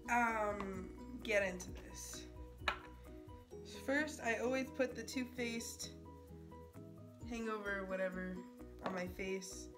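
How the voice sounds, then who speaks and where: Chatty, self-mocking woman vlogger. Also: on the high side. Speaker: beauty vlogger. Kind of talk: casual makeup tutorial chat.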